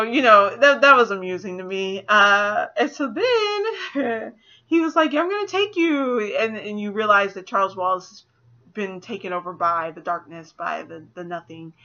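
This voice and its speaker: A woman giving a casual spoiler movie review, chatty and animated, acting out quotes with laughs. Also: medium pitch. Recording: slightly dull lo-fi audio.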